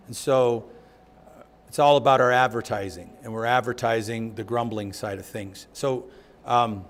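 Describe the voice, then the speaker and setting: A man teaching a Bible study in a church, emphatic and repeating his key phrases. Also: medium pitch.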